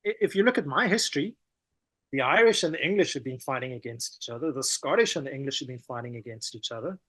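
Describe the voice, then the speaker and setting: Brief: South African man, casual storyteller, dry close sound, mid pitch. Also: quick pace, breathy edge, no room sound. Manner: animated, peppers talk with "man" and "you know". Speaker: podcast guest.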